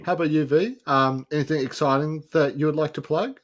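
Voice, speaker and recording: A man's voice: on the high side, fairly even intonation, brisk. A man hosting a podcast in a casual, giggly, rambling way. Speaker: podcast host.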